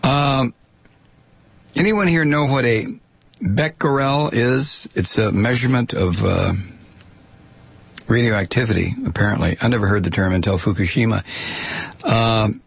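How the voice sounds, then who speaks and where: A man with a husky, slightly breathy voice at a middle pitch, talking through an informal commentary. His delivery is wry and sardonic, full of offhand asides. The sound is dry and close. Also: measured pace, long pauses, dry recording.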